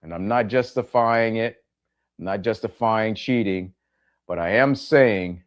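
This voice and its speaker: Here a middle-aged man with a lowish voice keeps a measured pace as he hosts his podcast. It's a reflective monologue: plain talk to listeners, key phrases repeated for emphasis, and questions asked of them directly.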